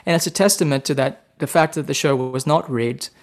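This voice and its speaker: A man's voice: on the high side, a little fast. A man in his thirties with an Australian accent, a guest musician telling casual, rambling stories with many restarts. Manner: rambling, repeats words, animated anecdotes. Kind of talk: casual storytelling interview.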